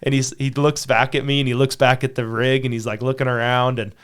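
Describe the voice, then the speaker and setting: A man's voice: mid-range voice, level tone, brisk, smooth. A man with an ordinary mid-range voice talks on a casual podcast, spinning a story. He acts out the people he quotes and laughs often as he goes. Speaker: podcast co-host.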